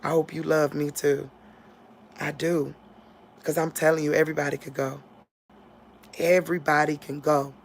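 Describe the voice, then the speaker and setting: A woman giving an informal spiritual talk on a livestream. She laughs often and acts out quotes in a loud voice. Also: low voice, gravelly. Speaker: online preacher.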